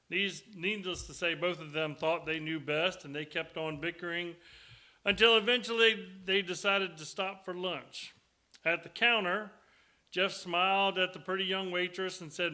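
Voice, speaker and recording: Bright-voiced man preaching a folksy sermon. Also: high voice, normal speed. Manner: folksy, joking storyteller. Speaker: guest preacher. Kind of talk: sermon with storytelling. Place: church sanctuary.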